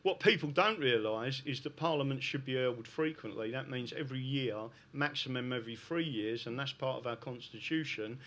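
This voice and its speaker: Fervent South London man, bright voice. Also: mid-range voice, normal speed, hardly any pauses, a little hiss or hum. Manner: fervent, repetitive "right?" and "listen". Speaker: public speaker. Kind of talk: impassioned talk to an audience.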